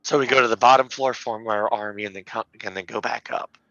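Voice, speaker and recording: Chatty male player, bright lo-fi sound. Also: fairly low pitch, steady tone, fairly quick, dry recording. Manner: chatty, hesitant, lots of fillers. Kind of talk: casual tabletop play. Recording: dull lo-fi sound with faint music.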